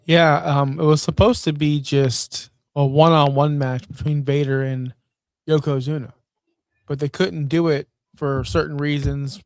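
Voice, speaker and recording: A man's voice: medium pitch, a little mellow, no echo. A man co-hosting a podcast, talking casually and thinking aloud as he goes. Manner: conversational, thinks aloud with fillers. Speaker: podcast co-host. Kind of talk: casual wrestling podcast chat.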